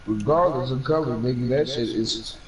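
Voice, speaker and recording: A man's voice: medium pitch, normal speed, roomy sound. A young man chatting with a friend in blunt, profane banter during a gaming session. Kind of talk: casual banter. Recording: distant mic with game crowd noise.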